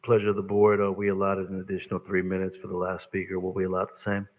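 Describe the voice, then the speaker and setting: A man's voice: low voice, completely flat delivery, quick pace. A man chairing a council meeting, keeping his remarks brief and procedural. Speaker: board chair. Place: city council chamber. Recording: muffled distant audio in a reverberant chamber.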